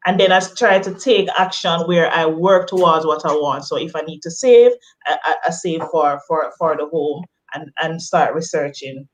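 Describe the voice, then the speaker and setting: A woman guest on a live chat speaks in a lowish voice. She gives measured advice, step by step. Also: steady tone, rough recording.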